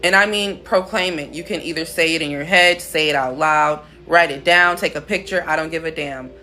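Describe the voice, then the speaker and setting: A woman's voice: low voice, moderate pace, bright, forceful tone, faint music behind. A woman hosting a casual spiritual livestream, talking in a blunt, profane, playful way.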